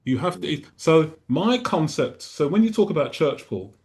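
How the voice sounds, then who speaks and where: A man's voice: fairly high pitch, expressive, normal speed, darkish tone. A male pastor talking earnestly on a radio panel, rambling and often restarting his sentences.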